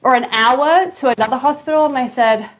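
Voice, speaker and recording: Animated woman telling a parenting story. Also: fairly quick. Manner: animated, dramatic retelling with big pitch jumps. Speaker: mother sharing parenting advice. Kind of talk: casual storytelling vlog.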